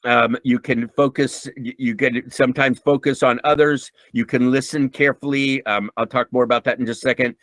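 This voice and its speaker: Male speaker for a mental health talk, mid-pitched, dry close sound, emphatic and repetitive, earnest. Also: steady tone, a little fast, hardly any pauses, a bit bright, no echo, poor audio. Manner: emphatic and repetitive, restarting sentences; earnest, with frequent ums. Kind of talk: informal talk on emotional intelligence.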